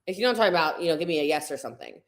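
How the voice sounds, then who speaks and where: A woman's voice: deep voice, lively intonation, rapid-fire. A woman gives live motivational business coaching. She talks straight to her viewers, blunt and emphatic, repeating words to drive each point home.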